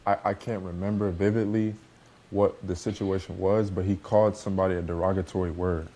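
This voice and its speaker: A man on a panel discussion, speaking in a halting, hesitant way with many restarts. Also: sits low, level tone, warm tone.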